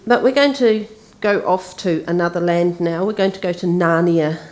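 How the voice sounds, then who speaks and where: A woman preaching a sermon in a relaxed, conversational way, retelling a story. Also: lowish voice, normal speed.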